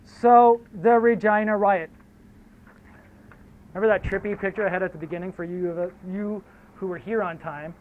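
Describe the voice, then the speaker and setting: A man gives a loose, animated lecture full of slang and swearing and wanders into asides. His voice sits high for a man. It comes through thin, phone-like audio. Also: moderate pace, long pauses. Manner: animated, slangy, profane, digressive. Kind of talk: casual storytelling lecture.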